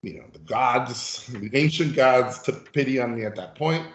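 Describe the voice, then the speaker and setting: A man from Mexico, a podcast guest telling anecdotes in a lively, animated way and acting out the people in them. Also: medium pitch, moderate pace. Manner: lively storyteller who acts out voices. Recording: roomy, dull lo-fi sound.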